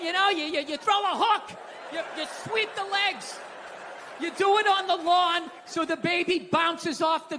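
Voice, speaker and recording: A middle-aged man doing stand-up comedy, ranting loudly with profanity and dropping to mumbles between yells. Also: very high voice. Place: large theater stage. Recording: live theater recording with long hall reverb and crowd noise. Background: audience laughter and applause.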